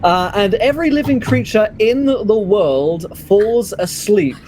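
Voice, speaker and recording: Game master describing scenes, slow rambling delivery, mid pitch, faint room noise. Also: expressive, a little mellow, rough recording. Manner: rambling, many ums and likes, laughs at own rulings. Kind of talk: narrating a tabletop game.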